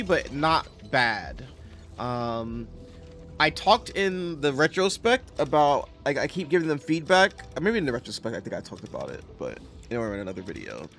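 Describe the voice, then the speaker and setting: A man's voice: medium pitch, a bit bright. A man giving casual, rambling commentary over his factory-building game, correcting himself often as he talks. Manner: rambling, self-correcting, chatty. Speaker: game streamer.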